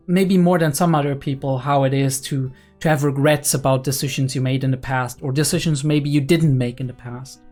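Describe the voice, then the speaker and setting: A young man giving casual anime reaction commentary, excited and analytical, often checking in with "right?" and filler "like". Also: fairly high pitch. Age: young adult.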